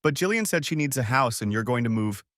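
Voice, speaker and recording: A man's voice: mid-range voice, lively intonation, fast, a bit bright, no room sound, studio quality, close to an everyday voice. A man voicing a young woman who pleads in a hesitant, tearful way. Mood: pleading.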